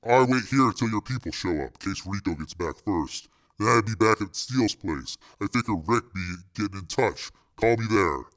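A man's voice: fairly low pitch, expressive, normal speed, a bit bright, pitched below the performer's own voice. A man reading a crime novel aloud, voicing a menacing hitman with clipped street slang. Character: tough, menacing male hitman named Ice.

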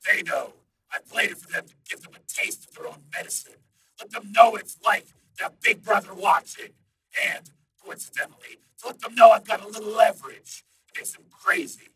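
A male narrator voicing a computer intelligence that talks like a man on the phone, calm and a little smug. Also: high voice, brisk, distant mic, background noise, voice pushed up, natural voice.

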